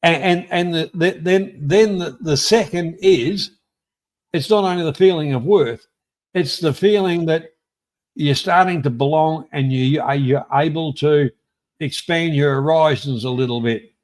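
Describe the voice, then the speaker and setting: A man's voice: fairly high pitch, measured pace. Australian man in his sixties, rambling. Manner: rambling, swears, many restarts. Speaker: host. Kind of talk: casual chat. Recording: livestream video call.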